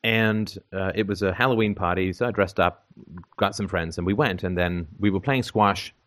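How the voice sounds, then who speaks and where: A middle-aged man from Canada tells a story in casual conversation. His voice sits a little low, and he rambles along with fillers and restarts. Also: normal speed. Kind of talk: casual anecdote.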